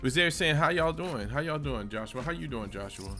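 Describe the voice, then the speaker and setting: A man hosts a laid-back livestream, greeting viewers by name and reading out where they are tuning in from. His voice sits a little high. Faint music plays behind him. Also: brisk. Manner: reads out viewer check-ins, relaxed, with fillers. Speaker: host of a group livestream. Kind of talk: casual livestream chat.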